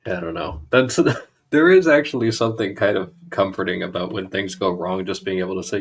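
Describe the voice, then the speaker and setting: A man talking casually as a guest on a livestream, relaxed and reflective, laughing between phrases. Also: low voice, fairly quick, a little hiss or hum. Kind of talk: casual chat.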